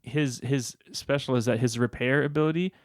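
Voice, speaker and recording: A man's voice: mid-range voice, normal speed, dry recording. A man with a mid-range voice co-hosts a loose game podcast. He rambles through anecdotes with plenty of fillers and teases his partner. The sound is dry and close to the mic. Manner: teasing, rambling, many fillers. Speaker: podcast co-host. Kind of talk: casual game discussion.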